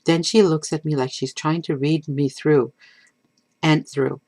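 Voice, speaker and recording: Low-voiced woman reading a story aloud. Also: unhurried, dry recording. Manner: expressive first-person storytelling. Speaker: author reading her own book. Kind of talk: reading a novel aloud to students.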